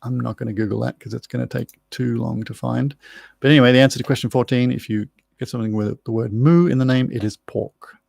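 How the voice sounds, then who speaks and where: Gravelly-voiced chatty quiz host. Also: male voice, medium pitch, fairly even intonation, fast talker, darkish tone, no room sound. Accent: Australian. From Australia. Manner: chatty, explains answers with spelled-out words and asides. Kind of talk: live-streamed trivia answers, casual chat.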